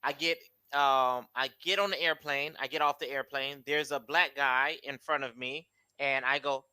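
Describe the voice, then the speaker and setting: An American man and English teacher chatting over a video call, telling animated travel stories with frequent laughs. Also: medium pitch, moderate pace, smooth. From United States. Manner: animated storyteller, laughs often, acts out voices. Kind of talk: casual video-call conversation.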